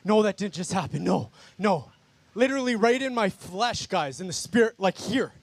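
High-pitched guy preaching his testimony hard, keeps saying guys, super dry sound. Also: animated, moderate pace, creaky, no echo. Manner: emphatic, repetitive, keeps addressing the crowd as "guys". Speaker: guest speaker giving testimony. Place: outdoor worship gathering in a park.

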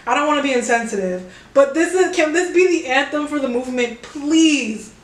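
High-voiced excitable woman in echoey room. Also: a little fast. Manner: excitable, exclaiming and swearing, cheering at the song. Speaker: reaction video creator. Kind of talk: music reaction vlog. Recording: echoey room, faint music behind. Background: music playing from a speaker.

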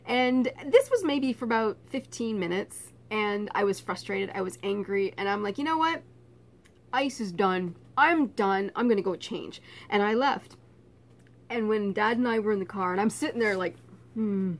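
A middle-aged woman from Canada telling a personal story in a casual vlog, laughing often and getting animated. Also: mid-range voice, moderate pace. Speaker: vlogger.

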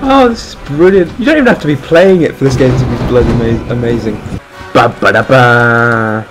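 A young man giving excited gameplay commentary, swearing, laughing and shouting orders. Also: medium pitch, brisk, over music. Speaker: gaming video host.

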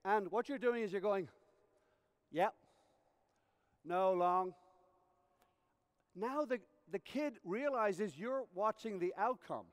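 A man's voice: high-pitched, lively intonation, normal speed, hardly any pauses. A man giving a coaching lecture at a conference, explaining through acted-out examples and often checking in with his audience. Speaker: tennis coach educator. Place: conference hall. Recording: reverberant hall recording.

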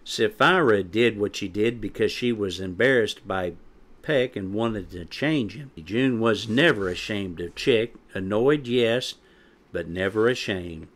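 A man reading a children's storybook aloud as narrator, unhurried and expressive. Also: fairly low pitch.

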